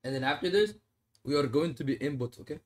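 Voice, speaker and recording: A man's voice: on the high side, expressive, quick pace. A young man streaming a mobile game, joking and swearing in casual chat while he answers comments and eats noodles. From Australia. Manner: laid-back, joking, swears, laughs often; talks while eating noodles.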